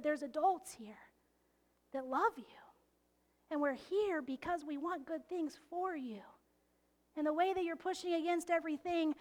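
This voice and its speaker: High-voiced, expressive woman preaching. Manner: expressive, often laughing, drops to hushed whispers for emphasis. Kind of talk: sermon.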